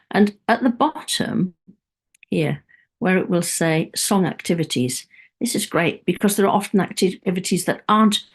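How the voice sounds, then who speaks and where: A woman leads a music teachers' webinar in a low-set voice that leaps around in pitch. She talks chattily and keeps breaking into little sung and whispered demonstrations. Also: breathy edge.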